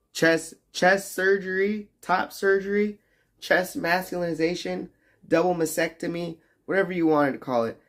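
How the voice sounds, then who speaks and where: Slow-talking, profane young man streamer. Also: on the high side, creaky. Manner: profane, teasing banter with frequent laughs. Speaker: livestreamer reading chat. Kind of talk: casual livestream chat.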